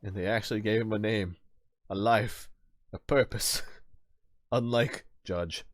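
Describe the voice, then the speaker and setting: A man streaming a game and chatting casually, excitable, swearing freely and laughing a lot. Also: on the low side, measured pace, no echo, studio quality. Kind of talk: casual let's-play chat.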